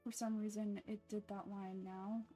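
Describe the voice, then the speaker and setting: A woman's voice: mid-range voice, level tone, normal speed, dark tone, soft background music. A young woman chatting casually over gameplay in a self-deprecating, giggly way. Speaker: voice acting hobbyist.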